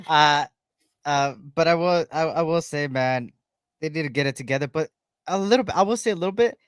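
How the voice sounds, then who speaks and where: A man co-hosting a live sports fan stream, reading out viewer shout-outs in a laid-back way. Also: on the high side, lively intonation, clean tone, dry recording, studio quality. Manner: laid-back, reads viewer names quickly. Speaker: co-host of a sports fan livestream.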